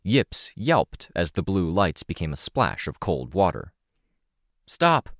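A man narrating an audiobook in the first person, in a steady, measured reading. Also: sits low, no room sound, clean studio sound.

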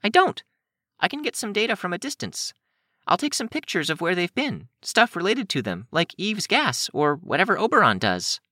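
A stubborn, eager teenage girl , as a male narrator puts her on, pitched high above his own voice and insistent. Her voice sounds a little distant, its tone unlike his usual one. It is a dry audiobook recording. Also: very animated, moderate pace, bright, forceful tone, no room sound, heavily acted. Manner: insistent, pleading.

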